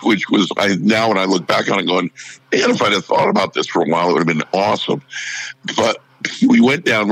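Middle-aged male storyteller, low and gravelly, acts out every voice in his tale. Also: no echo, low-quality recording. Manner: animated anecdote teller who acts out quoted voices. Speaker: radio show personality. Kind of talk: casual storytelling.

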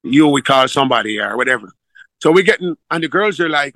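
Animated, bright-voiced male football coach. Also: mid-range voice, fast, dry recording. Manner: animated, repeats words, laughs while telling stories. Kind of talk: conversational storytelling.

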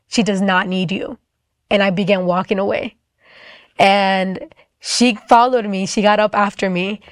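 A woman's voice: medium pitch, dry recording, clean studio sound. A young woman casually recounting a personal testimony, full of "like" fillers and quoted dialogue. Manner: casual, conversational, frequent "like" fillers.

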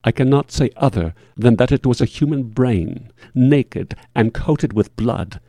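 A man reading a first-person horror tale as scripted narration, with a measured, solemn and formal delivery. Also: mid-range voice, lively intonation, dark tone, no room sound.

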